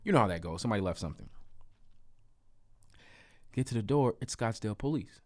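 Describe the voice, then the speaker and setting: A man's voice: mid-range voice, fast talker, no room sound, studio quality. A man casually telling a personal story to camera, emphatic and repeating points for effect. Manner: animated, emphatic, repetitive asides. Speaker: storyteller vlogger.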